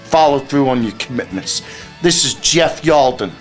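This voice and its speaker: A man's voice: medium pitch, expressive, moderate pace, soft background music. A man who is a youth speaker and life coach, giving teens blunt, lecturing advice in a direct monologue.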